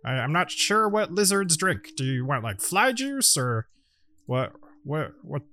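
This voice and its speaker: A man's voice: a little high, very animated, a little slow, pushed and bright, full character voice. A man voicing a boastful male gnome adventurer who talks in a raised, fussy, hesitant way.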